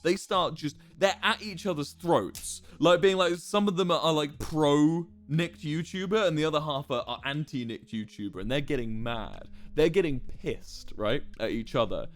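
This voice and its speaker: A young man streaming, telling a story to his chat in a casual, animated way, swearing freely and acting out what people said. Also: on the high side, normal speed, hardly any pauses. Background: faint music.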